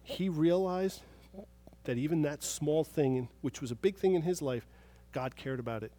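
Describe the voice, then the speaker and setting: A man preaching a sermon as pastor, telling stories and moving from soft, hushed moments to loud, emphatic praise. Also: a little high, moderate pace.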